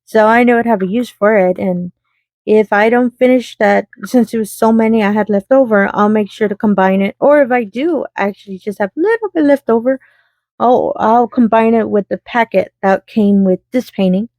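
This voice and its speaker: A woman's voice: on the high side, normal speed, darkish tone, no room sound. A woman hosting her craft channel, chatting casually and giggling to viewers while she sorts beads.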